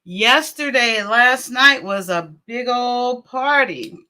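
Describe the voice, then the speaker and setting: A woman's voice: a little high, slow, pushed and bright, a little hiss or hum. A middle-aged woman hosting a casual livestream, chatting and greeting viewers by name with frequent laughs. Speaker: livestream host.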